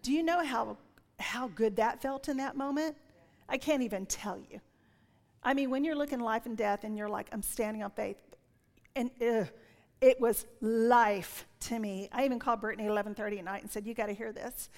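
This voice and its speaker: A woman in her sixties delivers a sermon full of personal testimony, a slightly high voice, animated, dipping into whispers. Her words ring out with the long reverb of a big church hall. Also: normal speed. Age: 60s. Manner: animated storytelling, drops to whispers when quoting. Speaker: preacher.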